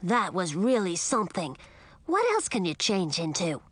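A woman's voice: lowish voice, very animated, normal speed, slightly rough, no room sound. A woman reading a storybook aloud, voicing a friendly, eager young male dragon who talks in a chatty, earnest way.

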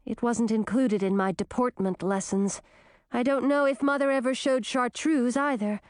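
A woman's voice: on the high side, normal speed, a little mellow, dry recording, clean studio sound, close to an everyday voice. A woman voicing an earnest, spirited young princess who is new to magic, a little flustered.

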